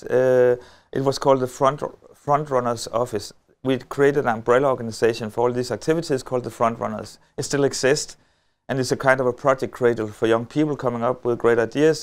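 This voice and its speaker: A middle-aged Danish man speaking on a stage at a conference, telling a story with wry humor and many halting filler sounds. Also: mid-range voice, smooth. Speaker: lecturer. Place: on a stage before an audience.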